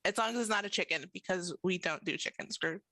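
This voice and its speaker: A woman's voice: lowish voice, quick pace, bright, forceful tone, no echo. Woman doing a bubbly valley-girl pilot. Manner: ditzy, says "like" a lot.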